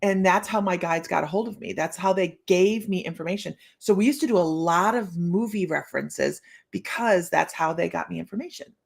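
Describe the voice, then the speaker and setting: A woman's voice: on the low side, a little fast, gravelly, hardly any pauses, breathy edge. A woman in her fifties, a psychic reader hosting a live stream, chatting casually with her viewers, laughing often and playfully talking straight to them. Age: 50s.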